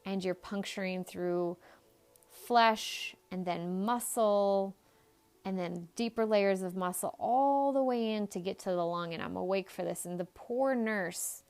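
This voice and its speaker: A woman with a smooth, clear voice at a middle pitch tells a personal story on her podcast. She speaks candidly and with emphasis, dropping the odd blunt curse. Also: darkish tone. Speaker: psychologist podcast host.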